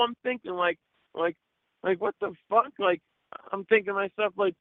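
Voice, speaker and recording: A man's voice: sits high, very animated, moderate pace, no room sound. A young man telling a story in casual chat, profane and rambling, with lots of filler words. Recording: tinny phone-like line, dry.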